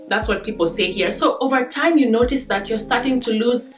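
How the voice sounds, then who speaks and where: A woman's voice: fairly high pitch, fairly quick, echoey room, soft background music. A Kenyan woman in her thirties, chatting casually to camera as a vlogger, laughing between points.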